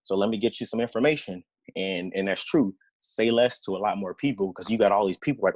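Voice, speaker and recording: A man's voice: on the low side, quick pace, dry recording, poor audio. A man sharing an earnest, grateful motivational testimonial as a new senior field trainer on a team call.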